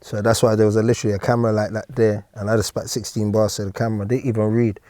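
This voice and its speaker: A man's voice: lowish voice, very fast, no room sound. A middle-aged man with a London accent, telling stories casually as a guest in an interview, full of slang. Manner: relaxed storytelling with slang and laughs. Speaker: guest actor.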